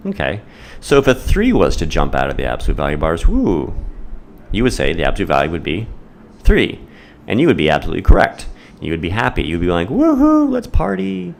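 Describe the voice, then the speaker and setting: A man's voice: extremely low pitch, gravelly, a little hiss or hum. A man teaching a math lesson in a playful, theatrical way. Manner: playful, theatrical, acts out students' voices.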